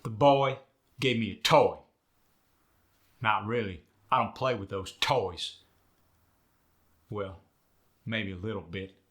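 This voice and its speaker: A man's voice: on the low side, fairly bright tone. A man playing a folksy Midwest farmer guest in a comic accent lesson, speaking with a Midwest Farm Belt accent and drawing out his demonstrations. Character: folksy grown male Midwest farmer type.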